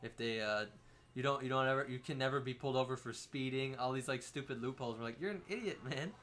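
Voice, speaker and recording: A man's voice: mid-range voice, fast talker, slight background noise. A young man co-hosting a game livestream, chatting loosely and swearing freely as he plays. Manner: loose, animated, swears freely, laughs often. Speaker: livestream co-host. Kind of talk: casual chat while playing a video game.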